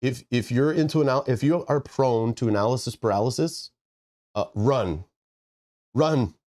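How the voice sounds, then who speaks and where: A stuffy-nosed livestream host with a mid-range, slightly mellow voice speaks at a moderate pace. His nasal, congested talk rambles casually between thanks to viewers and joking asides.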